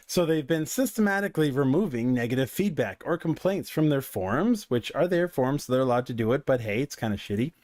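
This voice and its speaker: A man's voice: medium pitch, darkish tone, no echo, studio quality. A man who coaches businesses, giving casual, digressive commentary with lots of fillers. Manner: conversational, digressive, filler-heavy.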